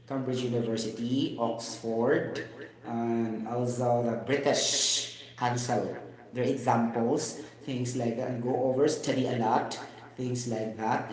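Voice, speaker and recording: A man with a Filipino accent teaching English informally, often asking whether listeners get the point and slipping into Tagalog phrases. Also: mid-range voice. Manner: repeats "you get the point", chuckles, mixes in Tagalog. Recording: very echoey room.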